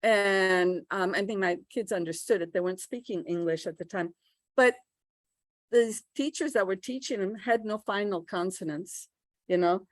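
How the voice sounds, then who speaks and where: A woman's voice: mid-range voice, normal speed, dry recording. An older woman giving a live pronunciation workshop for teachers, chatty and demonstrating sounds aloud. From United States. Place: classroom.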